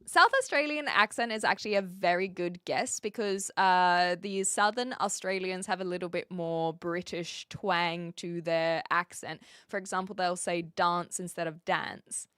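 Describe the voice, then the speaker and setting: Woman, New Zealand accent, streamer reading chat, unhurried, dry close sound. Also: on the low side, fairly bright tone, smooth, no echo. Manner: chatty, rambling with many fillers and restarts. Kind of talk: live stream chat, reading viewer questions.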